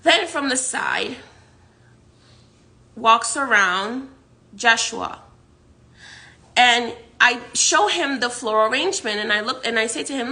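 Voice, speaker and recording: A woman's voice: fairly high pitch, animated, slow, long pauses, bright, forceful tone. A woman vlogger casually recounting a dream, rambling with many restarts and frequent laughs. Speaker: psychic vlogger. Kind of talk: casual storytelling.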